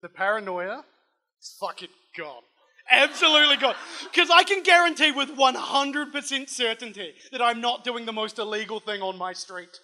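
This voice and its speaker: A young man with a New Zealand accent works a comedy club crowd from the stage, holding the mic. His voice is bright and sharp. He delivers in loud, punchy bursts and swears freely. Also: extremely high pitch, lively intonation, normal speed, a little hiss or hum. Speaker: stand-up comedian. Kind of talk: live stand-up set. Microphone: handheld stage mic.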